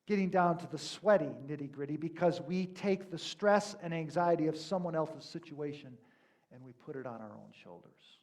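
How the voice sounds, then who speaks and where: A man's voice: a little high, normal speed, a little mellow. A male pastor giving a sermon in a conversational, storytelling manner with emphatic peaks.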